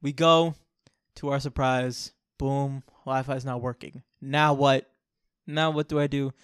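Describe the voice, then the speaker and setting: A man co-hosting a podcast, telling a long comic story in an animated, joking way. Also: mid-range voice, unhurried, smooth, dry recording, studio quality. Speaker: podcast co-host. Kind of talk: casual storytelling chat.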